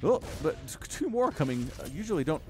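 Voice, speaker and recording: A man's voice: a little high, big pitch swings, a little fast, background noise. A man giving solo play-by-play commentary on a strategy game match, chatty and rambling, with self-deprecating jokes.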